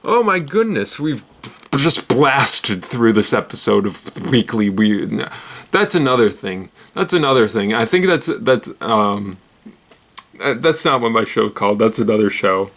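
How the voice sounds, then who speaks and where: Guy hosting a goofy news roundup, giggles a lot, trips on words, mid pitch. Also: expressive, measured pace, a bit bright. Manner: rambling, giggly, self-deprecating. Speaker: host.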